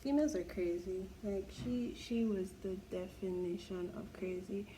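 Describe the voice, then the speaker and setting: A woman's voice: mid-range voice, moderate pace, dark tone, a little hiss or hum, rough recording. A young woman vlogger telling a gossipy story in casual chat while doing her makeup, with incredulous exclamations.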